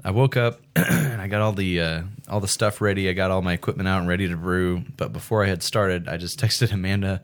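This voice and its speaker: A man who owns a brewery, chatting casually and joking with his friends. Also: sits low. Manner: laid-back, swears casually, quick jokes. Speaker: brewery owner and podcast host. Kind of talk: casual chat.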